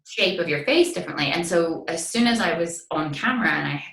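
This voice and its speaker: A woman's voice: lowish voice, brisk, distant mic. A young woman with a light Scottish accent, an actress guest chatting casually and animatedly in an interview. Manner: chatty, animated, full of fillers. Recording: roomy echo.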